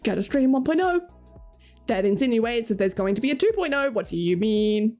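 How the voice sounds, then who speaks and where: On her stream, a young Australian woman rambles playfully with viewers, swearing and laughing a lot, with faint music behind her. She talks fairly quickly in a high voice with big pitch swings and a darkish tone.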